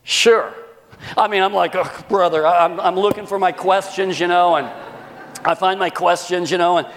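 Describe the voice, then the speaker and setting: A middle-aged man preaching a sermon, telling a story and acting out the dialogue with animated energy. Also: high voice, fairly quick. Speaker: pastor. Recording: long hall reverb.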